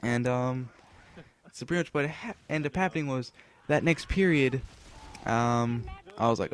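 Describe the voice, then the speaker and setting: A man's voice: mid-range voice, a little slow. A teenage boy from the United States telling a rambling story over gameplay, full of fillers and restarts. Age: teens. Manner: rambling, filler-heavy, with restarts and acted-out quotes. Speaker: gameplay commentator.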